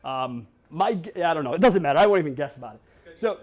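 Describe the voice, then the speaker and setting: High-pitched guy from wisconsin giving a keynote, blunt, jokey, swears a bit. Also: expressive, fast talker, a little mellow. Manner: blunt, swears, jokes with audience. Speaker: conference speaker. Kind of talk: keynote talk. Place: conference hall.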